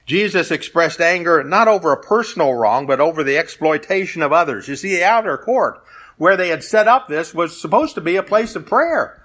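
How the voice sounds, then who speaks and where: A man's voice: on the high side, expressive, fairly quick, fairly bright tone. A man preaching a sermon, retelling stories and scripture in a plain, conversational way. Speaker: pastor.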